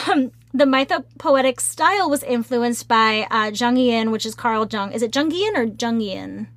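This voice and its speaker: Woman, podcast co-host, earnest, reads from notes, higher pitch, dry room. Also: fairly even intonation, a little slow, a bit bright, no room sound. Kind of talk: casual podcast discussion.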